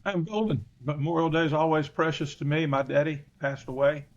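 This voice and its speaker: A football coach from the Southern United States, with a Southern American accent, guests on a casual podcast chat and talks in a folksy, self-deprecating way. His voice is a little high, with fairly even intonation and a fairly quick pace. The audio sounds dull.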